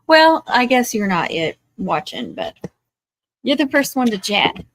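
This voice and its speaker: A woman's voice: a little high, sing-song, slow, long pauses, a bit bright, no echo. Chatty woman crafting live. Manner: chatty, dry sarcastic asides. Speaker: craft live-stream host. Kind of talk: casual chat while crafting. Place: home craft table.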